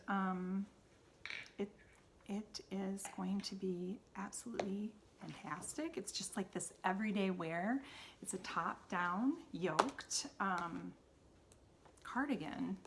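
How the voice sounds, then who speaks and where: A woman's voice: medium pitch, creaky, noisy background. Chatty Wisconsin woman knitting host. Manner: chatty, rambling, with many ums and restarts. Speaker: knitting podcast host and yarn seller. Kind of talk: casual show-and-tell chat.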